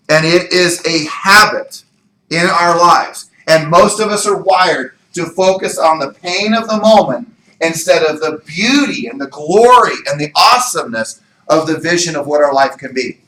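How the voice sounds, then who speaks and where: Motivational male sales coach, slightly high, bright-toned, punchy and emphatic, echoey meeting room. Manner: energetic and emphatic, with rhetorical questions. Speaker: real estate sales trainer. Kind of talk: motivational training talk.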